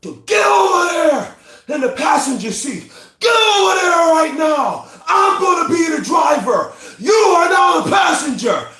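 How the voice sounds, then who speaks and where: A man voicing an angry, demanding inner-child voice that yells orders and intimidates. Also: extremely high pitch, big pitch swings, normal speed, few pauses, some chatter behind, voice pushed up. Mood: furious yelling. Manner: yelling, bossy, intimidating. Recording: roomy echo.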